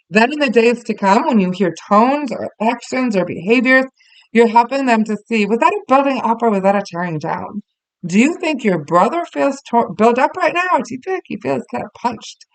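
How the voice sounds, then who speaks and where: Sharing personal stories with parents, this parenting teacher speaks in an earnest, conversational way, full of fillers and false starts. Her voice sits in the mid range, on a dry recording of poor quality.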